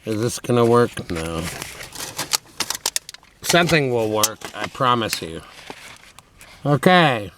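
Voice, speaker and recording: A man's voice: medium pitch, a little hiss or hum. A man hosting a mock radio show from inside his van at night, talking casually and rambling with jokes to himself. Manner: rambling, joking, talks to himself. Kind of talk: casual late-night monologue. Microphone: camera on a tripod.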